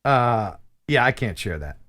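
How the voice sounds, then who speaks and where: A man's voice: medium pitch, very animated, a little slow, fairly bright tone. A man hosting a live stream in a casual, jokey way, reading viewer mail aloud and laughing at himself. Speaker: host.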